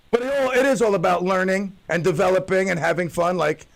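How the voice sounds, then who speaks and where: Loud gravelly ranting radio host man. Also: sits high, fairly quick, hardly any pauses, rough recording. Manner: loud, ranting, mocks whiners in a wailing voice. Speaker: radio host and softball coach. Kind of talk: animated radio monologue.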